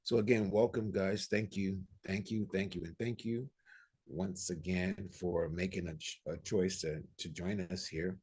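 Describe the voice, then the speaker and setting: A man with a deep voice, a spiritual teacher leading prayer and guided breathing over a video call in a calm, instructive way. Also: husky. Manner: calm, prayerful, unhurried delivery; gently instructive, counting breaths aloud.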